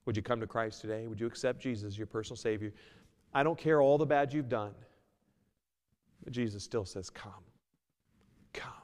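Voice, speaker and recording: A man preaching a sermon as pastor, earnest, moving between loud emphasis and a quiet plea. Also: mid-range voice, brisk, long pauses, long reverb tail. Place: church sanctuary.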